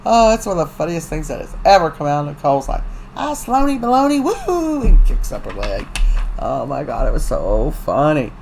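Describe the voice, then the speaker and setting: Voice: medium pitch, lively intonation, vocal fry, a little mellow, a little hiss or hum, poor audio. A host casually recapping a week of a soap opera, talking in a chatty, gossipy way with lots of ums and uhs. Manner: chatty, gossipy storytelling with many fillers; acts out characters' lines in quick put-on voices.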